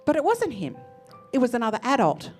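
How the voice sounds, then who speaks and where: Expressive Australian woman telling a story. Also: on the high side, fairly quick, faint music behind. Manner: lively, expressive, acts out the people she quotes. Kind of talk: live personal storytelling. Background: faint musical accompaniment.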